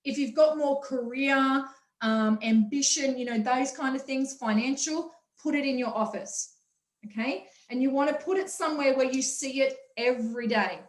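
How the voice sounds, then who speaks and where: Energetic woman hosting a motivational workshop; high voice, echoey room. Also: normal speed. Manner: energetic, enthusiastic, acts out quotes. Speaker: workshop host. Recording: roomy echo.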